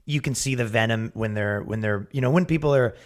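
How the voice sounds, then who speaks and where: A man's voice: medium pitch, brisk. A man co-hosting a comedy podcast, chatting casually, rambling with restarts, swearing and acting out quotes. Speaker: podcast co-host.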